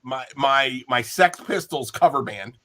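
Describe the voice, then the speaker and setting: A man running a tabletop game as game master, playful, with quick asides. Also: mid-range voice, lively intonation, heavy background noise.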